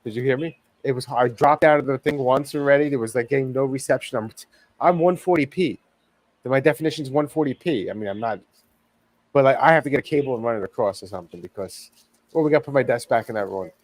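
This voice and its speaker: Halting podcast man, dry close sound. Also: mid-range voice, no echo. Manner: halting, loses his words. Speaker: podcast co-host. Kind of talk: casual chat.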